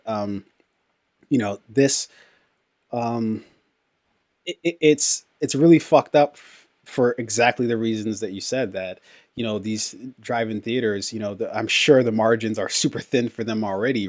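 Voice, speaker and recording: A man's voice: on the low side, measured pace. Profane, laughing male podcast co-host. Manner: animated, profane, acts out slangy impressions. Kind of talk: casual podcast chat.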